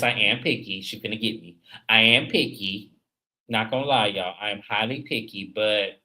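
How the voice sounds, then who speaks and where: A livestream host in his thirties speaks to viewers directly in a lowish voice. His casual stream is animated and emphatic.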